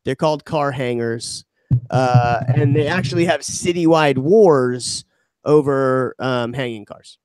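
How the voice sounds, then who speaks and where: A man's voice: mid-range voice, measured pace, a little mellow, clean tone, no room sound. A young man co-hosting a podcast in casual banter, joking around and swearing freely. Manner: joking, swearing, puts on mock Canadian voice. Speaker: podcast co-host.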